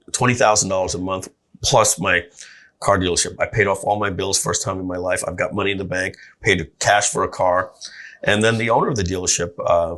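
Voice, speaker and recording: A middle-aged man telling a long story in an interview, acting out other people's lines. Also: low-pitched. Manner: animated storyteller acting out quotes. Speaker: guest entrepreneur.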